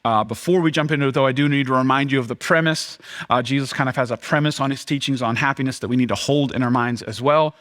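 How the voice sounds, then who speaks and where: A man's voice: mid-range voice, fast, a bit bright. A young adult man, a pastor, preaching a sermon in a church, often acting out the crowd's reactions in a raised voice.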